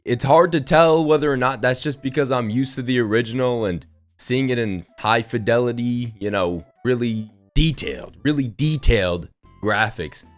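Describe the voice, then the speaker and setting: A man's voice: medium pitch, moderate pace, soft background music. A young man giving casual, sarcastic spoken commentary, who swears freely while riffing on his opinions. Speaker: gaming video creator.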